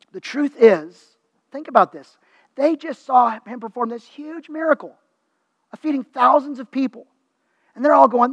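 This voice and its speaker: A man's voice: very high-pitched, moderate pace, no echo, low-quality recording. A man preaching a sermon in a conversational way, acting out what people say. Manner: conversational preaching, acts out quoted voices. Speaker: pastor.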